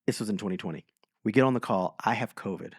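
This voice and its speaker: A man co-hosting a podcast, telling stories in a casual chat and slowing down for emphasis. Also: lowish voice, slightly rough, no echo, studio quality. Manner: animated storyteller, slows for emphasis. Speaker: podcast co-host.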